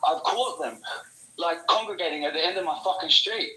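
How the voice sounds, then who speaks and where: A man's voice: fairly high pitch, expressive, fairly quick, pushed and bright. An Australian man calling in, ranting aggressively and profanely in a rambling way. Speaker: caller. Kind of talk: heated call-in rant. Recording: echoey and distant.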